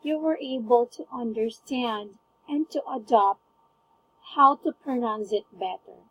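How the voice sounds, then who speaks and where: A woman's voice: fairly high pitch, unhurried, slightly rough, dull audio. A woman tutoring English one-on-one, patiently asking a student to read words aloud and praising each try. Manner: patient, encouraging, frequent praise. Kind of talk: one-on-one online English lesson.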